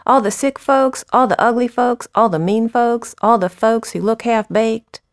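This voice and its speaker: A woman poet reading her poems aloud with unhurried, expressive phrasing and short spoken introductions. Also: fairly high pitch, clear, resonant tone, no echo, studio quality.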